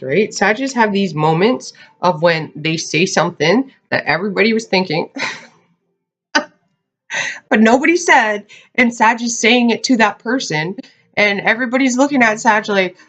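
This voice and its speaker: A woman's voice: medium pitch, expressive, measured pace, fairly bright tone. A woman giving a casual tarot reading to her viewers, chatty and laughing often as she talks to "you guys.". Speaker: tarot reader. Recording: dull lo-fi sound.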